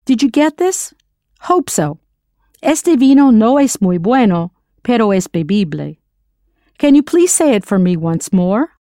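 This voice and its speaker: Woman, language teacher, scripted lesson, patient, spells out words, animated pitch, dry sound. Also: measured pace, no echo.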